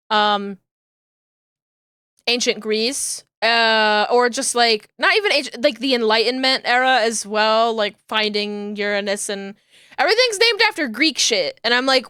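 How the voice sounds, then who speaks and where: A woman's voice: on the high side, pushed and bright, smooth, no room sound, studio quality. A woman streamer chatting casually with viewers, rambling along with lots of fillers and restarts.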